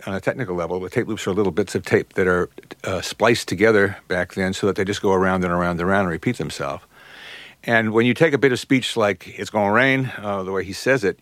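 A man being interviewed about his music, answering thoughtfully with many pauses and fillers. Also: low-pitched, dry recording. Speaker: guest composer.

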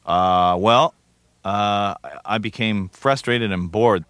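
A man's voice: fairly low pitch, slow pace, fairly bright tone, clear, resonant tone, no echo, clean studio sound. A comedian from Canada in his forties, giving rambling, wry, self-deprecating interview answers. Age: 40s. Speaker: comedian guest.

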